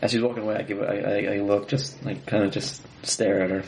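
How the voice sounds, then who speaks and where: A man's voice: on the low side, little pitch movement, a little fast, creaky, a little mellow. A man playing his character in a tabletop game, speaking hesitantly. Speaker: player. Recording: roomy and noisy.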